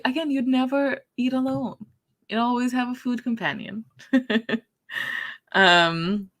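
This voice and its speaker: A woman's voice: lowish voice, pushed and bright. Giggly, chatty woman streamer. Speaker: book streamer. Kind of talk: casual livestream chat.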